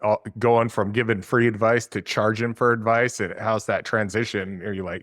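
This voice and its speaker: A man's voice: lowish voice, level tone, moderate pace, few pauses, fairly bright tone. A man hosting a podcast in casual chat, laughing easily and reacting with short eager remarks. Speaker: podcast host.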